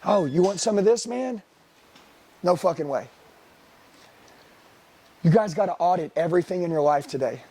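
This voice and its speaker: Profane high-pitched sales trainer man. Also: animated, moderate pace, long pauses, mellow, slightly rough. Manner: profane, blunt, hard-driving; preachy with rhetorical questions. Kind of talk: motivational sales seminar talk.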